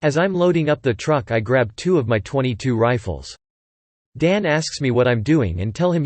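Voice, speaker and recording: A man narrates a first-person story in a steady, plain voice and walks through the quoted dialogue without fuss. His voice sits at a middle pitch. The recording is dry and close, with no room sound. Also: normal speed, dry recording.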